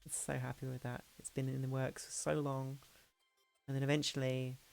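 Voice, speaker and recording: A woman streamer in a casual hangout chat, talking fast and loose with frequent laughs and restarts. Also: a bass voice, monotone, creaky, darkish tone, soft background music. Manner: chatty, laughing, restarts sentences.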